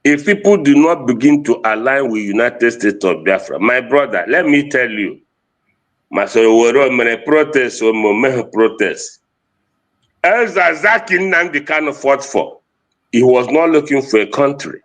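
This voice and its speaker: A man's voice: mid-range voice, expressive, moderate pace, fairly bright tone. A man with a Nigerian Igbo accent giving an impassioned livestream talk, switching between English and Igbo. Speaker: activist speaker.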